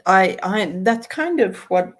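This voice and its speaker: A woman hosting a casual chat, calm and unhurried, with short replies. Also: medium pitch. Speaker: host.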